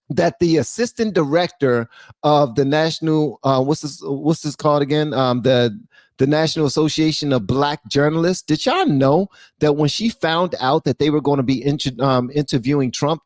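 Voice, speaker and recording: A man with a slightly high voice talks casually on a livestream while reacting to clips. He is animated and loops back on his own phrases. The sound is dry and close, with no room echo. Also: moderate pace. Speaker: host.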